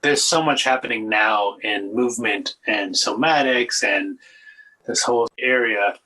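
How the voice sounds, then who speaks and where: A man's voice: lowish voice, unhurried, pushed and bright, breathy edge, low-quality recording. A man hosting a podcast interview, asking curious, informal questions. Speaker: podcast host. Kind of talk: casual interview.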